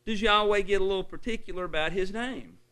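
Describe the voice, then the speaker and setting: A man preaching a sermon to a church congregation. He reads scripture forcefully, asks the room for an amen, then settles into a calmer teaching tone. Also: high voice, fast, clean tone. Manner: emphatic preaching that turns to a quieter, explanatory lecture tone.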